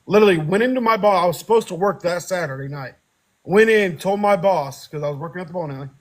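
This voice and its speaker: A man's voice: high voice, fast talker. A young man co-hosting a casual podcast, animatedly telling a family story, acting out voices and laughing often. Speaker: podcast co-host.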